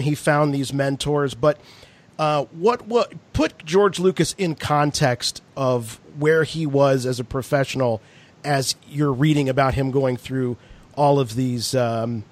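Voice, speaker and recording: A man co-hosting a podcast, asking long, measured questions. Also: medium pitch. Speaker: podcast co-host. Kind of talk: interview questions.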